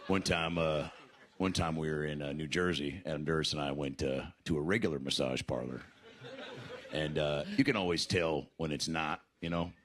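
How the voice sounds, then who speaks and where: A man in his fifties tells stand-up jokes on a comedy club stage, and his voice sits extremely low. He talks in a deadpan, halting way, stopping often on fillers as he works through each story. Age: 50s. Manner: slow, halting delivery with many "uh"s. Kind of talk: deadpan stand-up set and interview.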